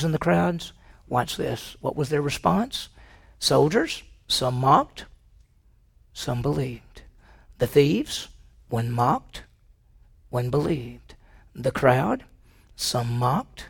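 A man preaching a sermon as a pastor, swinging from loud urgent runs to hushed, near-whispered lines. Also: on the high side, creaky, husky.

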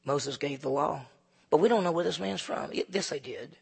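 A male pastor preaching a sermon in a fervent way, swinging between hushed asides and loud emphasis. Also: fairly high pitch, moderate pace, vocal fry, slightly rough, big-room sound.

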